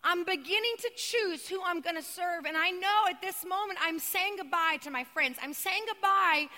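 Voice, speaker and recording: High, bright-voiced woman preaching. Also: moderate pace. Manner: dramatic storytelling, swinging between loud cries and hushed near-whispers. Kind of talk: sermon. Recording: long reverb of a large hall.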